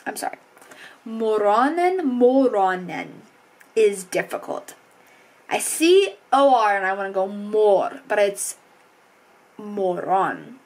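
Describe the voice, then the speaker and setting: A woman's voice: mid-range voice, expressive, slow. An eighteen-year-old woman vlogging in a casual, rambling, self-deprecating way, full of filler words. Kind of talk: casual vlog chat.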